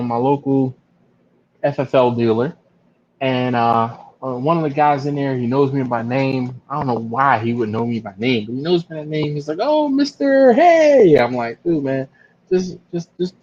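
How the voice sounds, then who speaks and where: A chatty man hosting a live stream, telling stories and jumping up high when he mimics other people. His voice sits mid-range, and the sound is a little dull and lo-fi, with faint room noise behind him. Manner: storytelling, acts out other people with big jumps in pitch. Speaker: barbecue channel host. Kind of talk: casual live-stream chat.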